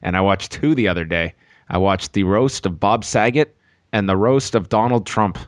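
A man's voice: lowish voice, normal speed, no echo. A man hosting a casual wrestling podcast, joking dryly and now and then tripping over his words. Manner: joking, dry, with small stumbles. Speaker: podcast host.

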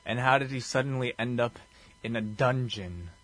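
A man's voice: medium pitch, moderate pace, a bit bright. Man asking questions with wry remarks. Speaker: podcast co-host. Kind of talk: casual chat.

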